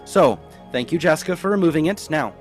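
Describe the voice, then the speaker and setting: A man voicing a brisk, polite woman ship's officer who speaks in a prim, apologetic way. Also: fairly high pitch, lively intonation, soft background music, close to an everyday voice.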